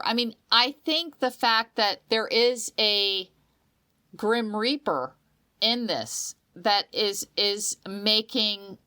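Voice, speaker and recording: Bright-voiced woman podcast co-host. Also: mid-range voice. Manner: expressive, restarts often, animated storytelling. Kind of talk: casual podcast chat.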